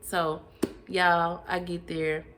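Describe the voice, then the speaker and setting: A woman's voice: fairly low pitch, very slow, a little hiss or hum. A young woman casually telling a personal testimony, addressing listeners as y'all and acting out what she and others said. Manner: animated, addresses listeners as y'all, acts out her own quotes. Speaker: storyteller sharing personal testimony. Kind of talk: casual personal storytelling to viewers.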